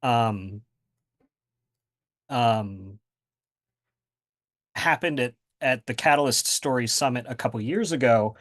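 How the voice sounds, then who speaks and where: A man's voice: mid-range voice, slow pace, long pauses, a bit bright. A man speaking as a guest author in a casual interview, rambling with many fillers and restarts.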